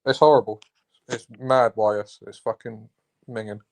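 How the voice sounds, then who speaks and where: A young man chatting on a stream, animated and sweary, calling his friend mate and bro. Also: medium pitch, normal speed. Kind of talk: casual live-stream chat.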